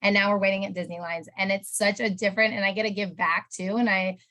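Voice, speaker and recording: Speaking quickly in a pushed, bright, mid-range voice with a flat delivery, a woman shares her own story as an interview guest. The sales promoter is casual, rambling and emotional, with "like" turning up constantly.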